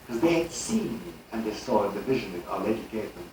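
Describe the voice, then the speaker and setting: Older male lecturer, animated and rhetorical; distant room mic, heavy echo, faint hiss. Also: lowish voice, quick pace, hardly any pauses. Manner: animated, rhetorical, chuckling asides. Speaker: speaker. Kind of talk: live religious lecture. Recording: old live tape, distant and echoey.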